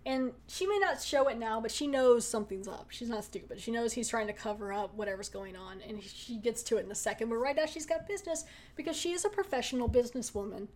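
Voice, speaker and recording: A woman's voice: a little high, lively intonation, fast talker, hardly any pauses, darkish tone. A woman podcast host reviewing a TV episode in casual chat, retelling scenes animatedly and laughing often.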